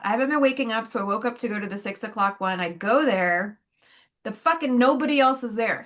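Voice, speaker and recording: A woman's voice: on the high side, a bit bright. A woman co-hosting a podcast with a sore throat, telling a candid, profane story in casual chat. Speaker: podcast co-host.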